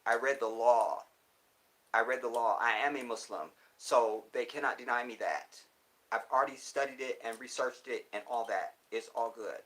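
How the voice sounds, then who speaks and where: Man, Texas accent, bright edgy voice, casual phone livestream chat, reads comments, heated rants. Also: medium pitch, moderate pace. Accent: Texan. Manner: animated, swings into heated profane rants. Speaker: livestream host reading viewer comments.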